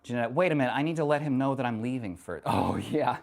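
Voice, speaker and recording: Very deep-voiced woman, wry workout streamer. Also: animated, quick pace, creaky, a little mellow. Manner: wry, profane, teasing chat. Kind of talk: casual livestream chat while working out.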